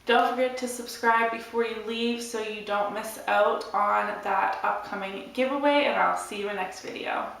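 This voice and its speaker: Young woman, hoarse, creaky voice, chatty vlog, echoey room off-mic. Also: mid-range voice, steady tone, normal speed, hardly any pauses, fairly bright tone, far from the mic. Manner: rambling, chatty. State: hoarse, losing her voice. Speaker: beauty vlogger. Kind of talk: casual chat to camera.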